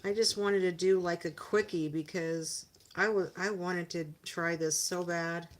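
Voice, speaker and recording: A woman's voice: fairly low pitch, fairly even intonation, a little slow. A woman hosting a casual livestream, chatting with viewers as she narrates her crafting at home. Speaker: livestream host.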